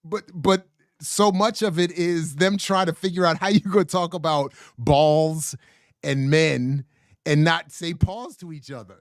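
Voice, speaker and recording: A man's voice: on the high side, a little slow, no room sound. Joking man with a dry close sound. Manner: laughing, joking, animated storytelling. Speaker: podcast co-host. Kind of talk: casual chat.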